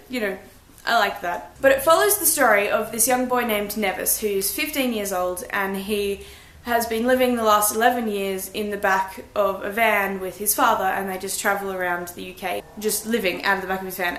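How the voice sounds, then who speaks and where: A woman's voice: medium pitch, fairly bright tone, reverberant. A young woman giving a blunt, chatty, self-deprecating book review in a casual vlog. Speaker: book vlogger.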